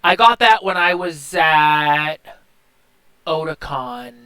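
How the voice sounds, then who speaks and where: A man's voice: a little high, takes it slowly, sharp tone, clean tone, poor audio. A young man streaming live and chatting casually, laid-back, often answering with short agreements.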